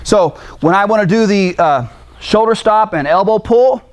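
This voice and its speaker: Brief: high-pitched middle-aged male martial arts instructor, easygoing, talks while demonstrating moves on a partner. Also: moderate pace, slight background noise. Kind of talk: demonstrating self-defense techniques.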